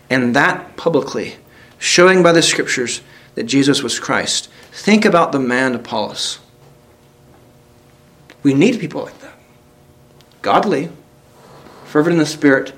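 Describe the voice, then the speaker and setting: In this sermon, a man with a slightly high voice reads scripture and questions the congregation directly. He speaks earnestly, swelling to emphatic highs and then going quiet.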